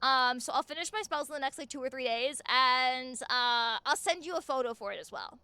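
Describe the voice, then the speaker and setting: A woman streaming live from home on a desk mic, chatting casually, excitable and swearing freely as she gushes thanks at her viewers. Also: high voice, brisk, clean tone, no echo.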